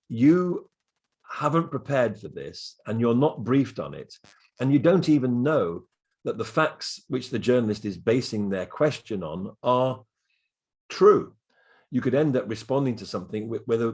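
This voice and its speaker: Husky, measured male media consultant. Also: fairly low pitch, darkish tone. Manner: measured, explanatory, with fillers and restarts. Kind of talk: advice in a recorded interview.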